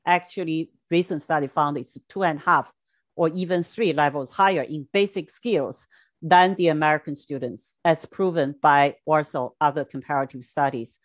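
A middle-aged woman from China giving an academic lecture in short, measured phrases, with occasional Mandarin asides. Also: low voice, no echo. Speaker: education scholar giving a lecture. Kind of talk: academic talk with slides.

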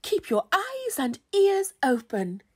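Big hairy spider godmother voiced by a woman, commanding, loud, storybook. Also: very high voice, huge pitch swings, slow pace, voice pushed up, full character voice. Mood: grand.

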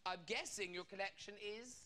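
A man's voice: high voice, moderate pace. A man hosting a TV chat show, teasing guests with cheeky asides in front of a studio audience. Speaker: talk show host. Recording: loud studio audience laughter and noise.

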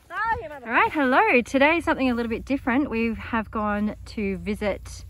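A woman's voice: a little high, lively intonation, fairly quick, few pauses, heavy background noise. A woman keeping a farm sanctuary, chatting in a casual morning vlog outdoors and cooing at the animals in baby talk.

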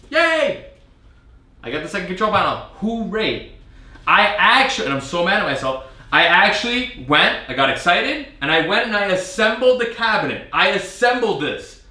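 Animated man in an echoey room. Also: high-pitched, normal speed. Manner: animated, exasperated retelling with quoted exchanges. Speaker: video host reviewing an arcade cabinet. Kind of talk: casual vlog storytelling. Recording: echoey room, mic at a distance.

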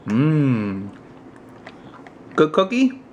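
An American man chatting casually with his toddler on camera, using playful baby talk and high, coaxing questions. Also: wildly swooping pitch, very slow, a little mellow, slight background noise. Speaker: parent vlogger.

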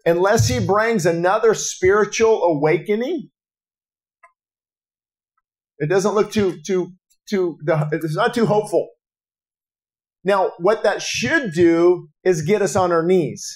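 A man's voice: high voice, slow, pauses often. A man preaching a sermon as pastor at a breakfast gathering, earnest and rising to fervent, urgent delivery.

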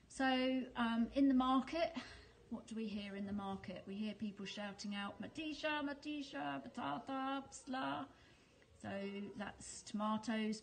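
A woman's voice: medium pitch, slight background noise, rough recording. A woman from the UK talking casually in a vlog, chatty and hesitant with frequent ums. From United Kingdom. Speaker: vlogger.

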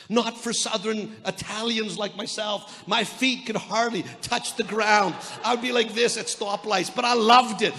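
A man's voice: high voice, pushed and bright, in a large hall, slight background noise. A Canadian man preaching a sermon with energy, telling stories and quoting others, often restarting his words. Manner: storytelling, quoting voices of others. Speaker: pastor. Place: large church hall.

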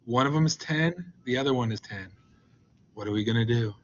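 A man's voice: mid-range voice, a little fast, highs cut off. A male science teacher leading an online class, joking with and coaxing his students. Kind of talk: online class with a slide deck.

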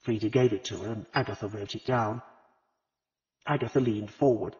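A man narrating a mystery audiobook with expressive storytelling. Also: mid-range voice, brisk. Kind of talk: scripted narration. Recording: dull lo-fi audio with long reverb.

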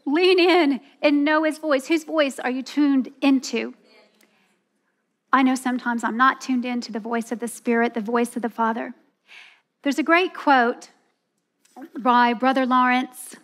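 A woman's voice: high voice, fairly even intonation, a little slow, long pauses, fairly bright tone. A woman giving a sermon at a women's church event, earnest and telling a personal story. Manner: earnest, storytelling, acts out voices with laughs.

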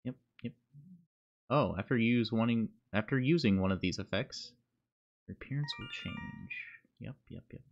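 A man streams a horror game live with game music behind him, chatting and joking to himself and yelping when startled, since he's easily spooked. His voice is medium-pitched with vocal fry and a moderate pace, and the recording is muffled.

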